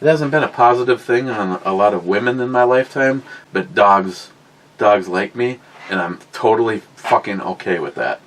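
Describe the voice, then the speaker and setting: A man's voice: on the low side, moderate pace, a bit bright, rough recording. A middle-aged man telling crude, rambling, self-mocking stories on a casual podcast. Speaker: podcast co-host. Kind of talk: casual storytelling chat.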